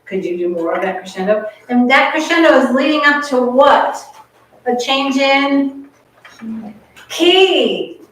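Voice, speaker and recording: A woman's voice: high-pitched, lively intonation, unhurried, a bit bright, a little hiss or hum. A woman coaching a chamber ensemble, encouraging and singing musical phrases on nonsense syllables. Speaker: masterclass coach. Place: large echoey rehearsal room. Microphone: far camera mic. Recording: very echoey room, distant mic.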